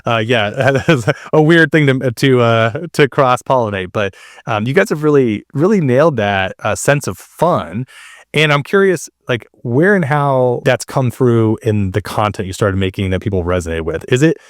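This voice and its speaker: Male podcast host, thirties, casual and animated storyteller, mid pitch, dry close recording. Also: no room sound. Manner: animated storyteller, quick asides and laughs. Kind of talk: casual interview chat.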